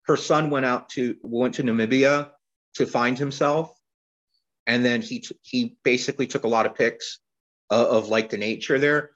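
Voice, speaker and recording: A man talking as a guest poet in a casual interview, rambling and halting with lots of fillers and restarts. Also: medium pitch, steady tone, fairly bright tone, muffled recording.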